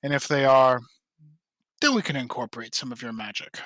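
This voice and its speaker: A man voicing a proud, sly male goliath leader who speaks smoothly and a little mockingly. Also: mid-range voice, expressive, a little fast, pushed and bright, no echo. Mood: composed.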